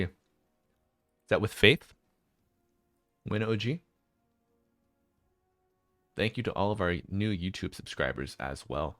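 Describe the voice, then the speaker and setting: A man's voice: low-pitched, lively intonation, takes it slowly, pauses often, sharp tone, no echo, soft background music. A man casting a game draft on a live stream, casual and chatty, thanking viewers between picks. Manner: chatty, laid-back, reads out chat names. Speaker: esports caster.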